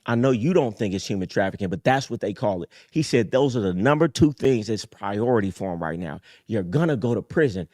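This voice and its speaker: A man in his thirties hosts a live call-in show with a low voice and a streetwise, preachy delivery. He drops to quiet mutters, then jumps up high to hammer a point home. The sound is dry and close, with no room around it. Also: dry recording. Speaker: host. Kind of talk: casual livestream talk.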